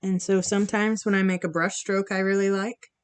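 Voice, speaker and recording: A woman's voice: mid-range voice, little pitch movement, fairly quick, clean tone. A woman hosting a charity live stream, chatting casually and giggling as she reacts to viewers' comments while she paints. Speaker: charity livestream host. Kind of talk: casual chat with chat readers.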